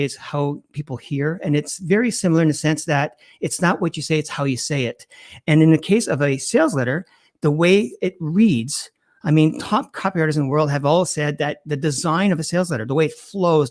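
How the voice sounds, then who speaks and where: Emphatic middle-aged man, higher voice. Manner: animated, emphatic storytelling with restarts. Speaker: guest copywriter. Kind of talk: interview conversation.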